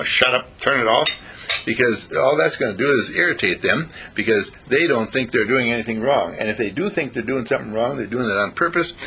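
A man's voice: medium pitch, creaky, bright, forceful tone, slight background noise. A man giving casual, folksy advice in a rambling monologue, acting out the voices of the people he quotes.

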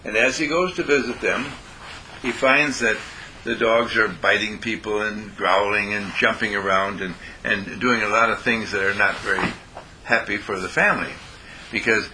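A man telling a story in an animated way, acting out the quotes and drawing a lesson from it. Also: on the low side, slight background noise, low-quality recording. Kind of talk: storytelling talk with moral.

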